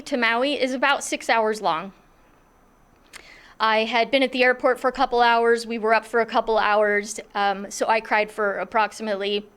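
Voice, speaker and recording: A middle-aged woman telling a personal story in a lively, self-mocking way, acting out what others were thinking. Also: a little high, clean tone. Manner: animated, self-mocking, acts out others' thoughts.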